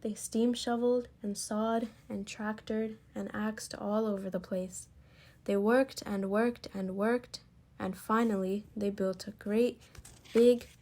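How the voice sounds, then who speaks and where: A woman reading a picture book aloud, expressive, slowing and lifting her voice for emphasis. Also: medium pitch. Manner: expressive, slows and rises for emphasis. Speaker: storybook reader.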